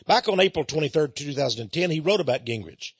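Lively, husky-voiced preaching radio man. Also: quick pace, no room sound, highs cut off. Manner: impassioned, preaching, swings between loud outbursts and low asides. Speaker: radio talk show host.

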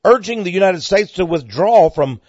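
A man hosting a monologue commentary, speaking emphatically and climbing into excited outbursts, on a dull lo-fi recording. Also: sits high, moderate pace, no room sound. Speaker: commentary host.

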